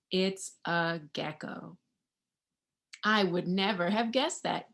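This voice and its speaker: A woman reading a picture book aloud to young children in an animated way, asking them questions and imitating animal sounds. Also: a little high. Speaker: children's storybook reader.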